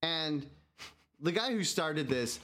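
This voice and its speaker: A man co-hosting a casual podcast chat, excitable and swearing freely. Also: fairly high pitch, slow.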